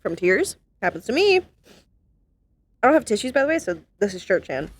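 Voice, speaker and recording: A woman's voice: medium pitch, very animated, normal speed. A young woman streaming casual commentary as she watches a role-play, laughing often and mocking herself.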